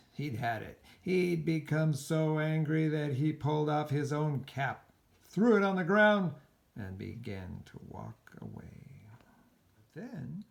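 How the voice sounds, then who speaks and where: A man reading a children's picture book aloud as a storyteller, slow and expressive. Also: medium pitch, vocal fry.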